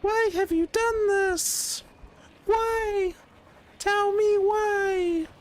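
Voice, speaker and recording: Shrill falsetto dark servant. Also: male voice, steady tone, extremely slow, full character voice. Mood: pleading. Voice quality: squeaky, strained falsetto. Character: shrill high-pitched male Nazgul servant, pleading.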